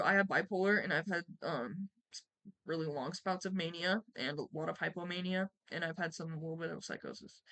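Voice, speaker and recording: A young woman streamer telling stories casually, chatty and candid, full of fillers, acting out quoted lines in a higher voice. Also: a bit bright. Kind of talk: casual storytelling to stream chat.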